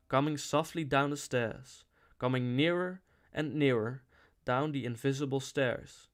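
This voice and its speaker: A man reading a novel aloud in an expressive, dramatic style, lingering on phrases. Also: medium pitch, unhurried. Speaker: audiobook reader.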